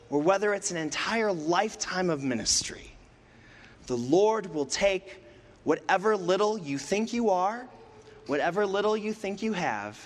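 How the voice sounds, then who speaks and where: Animated male pastor in a reverberant church. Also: high-pitched. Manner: dramatic preaching with rhetorical questions and pauses. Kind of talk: sermon. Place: church sanctuary. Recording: long reverb of a church hall.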